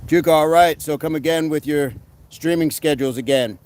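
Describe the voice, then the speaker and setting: A man hosting a casual live stream, reading comments aloud and giving quick fitness tips in a relaxed way. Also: fairly high pitch, slight background noise, low-quality recording. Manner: relaxed, answers chat questions with quick tips.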